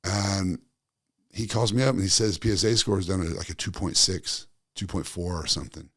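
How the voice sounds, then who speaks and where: A man's voice: low-pitched, moderate pace, breathy edge, no room sound, studio quality. A man giving a blunt, casual monologue as a wellness coach, swearing freely and talking in a loose, conversational way.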